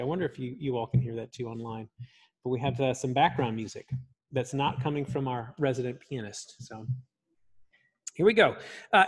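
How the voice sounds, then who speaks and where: Animated, slightly husky male Bible teacher. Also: on the high side. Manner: emphatic, animated, asks the class "right?". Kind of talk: church class lecture. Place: church classroom, also streamed online.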